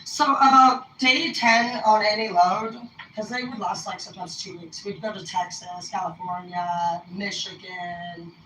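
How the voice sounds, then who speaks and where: A woman's voice: mid-range voice, steady tone, measured pace, pushed and bright. A young woman telling rambling, profane personal stories in a casual, laid-back way. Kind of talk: casual storytelling. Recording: roomy echo, mic at a distance, faint noise.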